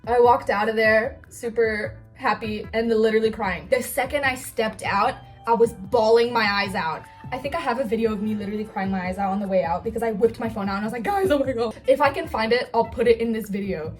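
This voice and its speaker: A young woman telling a story in a casual get-ready-with-me vlog, gushing and excitable, with lots of "like"s. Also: a little high, fairly quick, hardly any pauses, faint music behind. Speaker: cosplay vlogger.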